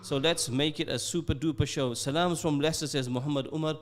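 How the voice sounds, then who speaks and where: A man's voice: fairly high pitch, fairly even intonation, fast. A middle-aged man hosting a live radio show, chatty and jokey, reading out listener messages from the studio. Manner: chatty, upbeat, jokey, sprinkles Arabic phrases. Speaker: radio host.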